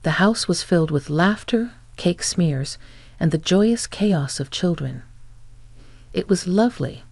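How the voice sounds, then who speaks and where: A young woman narrates a dramatic family story in a steady, measured voice. Her tone is dark and mellow with a gravelly edge, and the recording is dry and close. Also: on the low side, no echo. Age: young adult. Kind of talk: scripted first-person narration.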